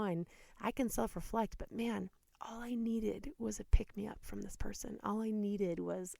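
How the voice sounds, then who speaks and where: A woman's voice: fairly low pitch, vocal fry, a little mellow, no echo, clean studio sound. A woman in her thirties hosting a podcast, talking earnestly and emotionally about hard times, sometimes dropping to a near whisper. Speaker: podcast host. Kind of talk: personal reflective monologue.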